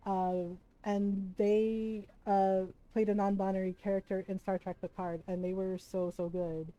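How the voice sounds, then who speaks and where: A woman streaming a video game, telling stories in a chatty, animated way with lots of fillers. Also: mid-range voice, measured pace, muffled recording. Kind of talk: casual storytelling while gaming.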